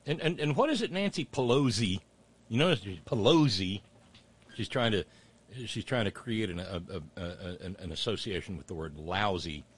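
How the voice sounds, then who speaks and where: A man's voice: on the low side, lively intonation, normal speed, breathy edge. A man hosting political commentary, mocking clips with sarcastic asides and rising rants.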